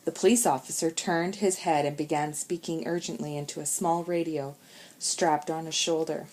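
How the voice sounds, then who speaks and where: A woman narrating a children's chapter book in a calm, measured way. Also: sits low, low-quality recording. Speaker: audiobook narrator. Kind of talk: storybook narration.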